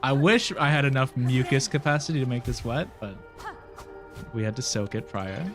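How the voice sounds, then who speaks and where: A man's voice: medium pitch, moderate pace, over music. Nasal young man chatting on stream. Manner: rambling, laughs often, swears casually. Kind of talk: casual gaming stream chat.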